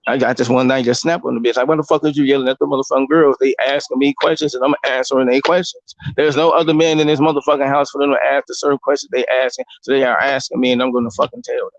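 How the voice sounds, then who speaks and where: A man's voice: mid-range voice, fairly even intonation, quick pace, hardly any pauses, no room sound, lo-fi sound. A man, hosting a casual talk show and lecturing bluntly, with plenty of profanity and rising emphasis. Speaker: podcast host.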